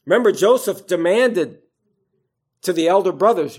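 A male preacher with a slightly higher-than-usual voice, delivering a sermon. He swells into loud, emphatic stretches and then drops to hushed, low lines. He quotes scripture in old King James wording. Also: a little fast, breathy edge. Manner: rises and falls in volume, emphatic then hushed.

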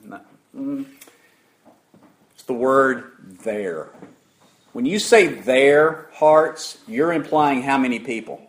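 Slow, deliberate preacher, a man. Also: medium pitch, expressive. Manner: questions the congregation, emphatic and deliberate. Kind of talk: interactive sermon.

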